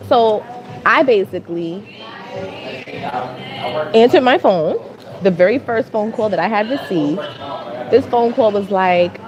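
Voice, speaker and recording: A woman vlogger telling a story as a rant, animated and exasperated, repeating phrases for emphasis. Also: mid-range voice, measured pace, pauses often, crowd noise.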